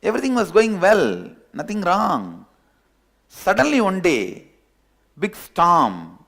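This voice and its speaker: A man telling a parable in a sermon, playful and animated. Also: high-pitched, slow pace, creaky. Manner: playful, animated storytelling with chuckles. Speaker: spiritual teacher. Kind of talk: sermon storytelling.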